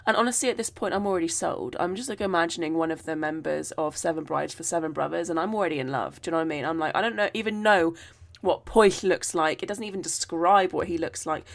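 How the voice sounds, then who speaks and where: A woman's voice: lowish voice, fast, vocal fry. A young woman hosting a podcast, retelling myths in a chatty, playful way with gushing asides. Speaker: podcast host. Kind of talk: casual myth retelling.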